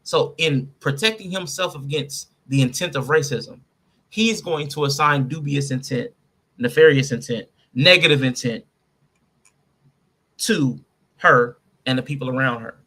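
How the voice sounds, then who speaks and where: A man's voice: medium pitch, unhurried, sharp tone. A man hosting a podcast, breaking down a statement line by line in casual commentary. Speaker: podcast host.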